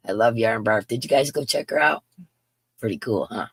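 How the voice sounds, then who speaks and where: A woman's voice: a bass voice, a little fast, breathy edge, no echo. A middle-aged woman hosting a crochet livestream from her yarn room at home, chatting casually and greeting viewers by name with bubbly, swooping call-outs, picked up by her computer's built-in mic. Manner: bubbly, calls out names with big upward swoops. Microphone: computer's built-in microphone.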